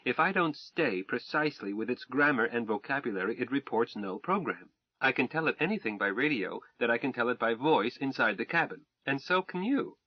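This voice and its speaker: A man's voice: mid-range voice, animated, fairly quick, no echo, close to an everyday voice. A man reading a math-minded young wife in an audiobook, earnest and precise as she recites calculations, on a dull, dry recording.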